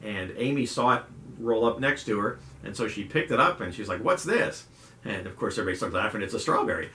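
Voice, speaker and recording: A man's voice: lowish voice, fast talker, a little hiss or hum. A middle-aged man, a youth pastor hosting a casual devotional talk, telling folksy stories and acting out voices. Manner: folksy storyteller, animated quoted voices. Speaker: youth pastor and video host. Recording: roomy echo.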